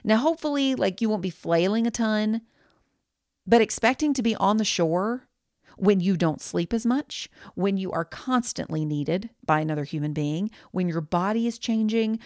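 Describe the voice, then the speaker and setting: A woman's voice: mid-range voice, a little mellow, no room sound, clean studio sound. A woman hosting her own podcast, giving a candid, reassuring pep talk. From United States. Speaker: podcast host.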